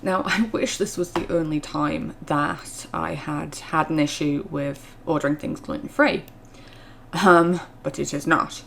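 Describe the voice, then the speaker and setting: A woman's voice: fairly even intonation, measured pace, vocal fry, slight background noise. Chatty woman telling a story. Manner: chatty, many fillers, gets louder and higher when indignant. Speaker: vlogger. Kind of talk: casual storytime vlog.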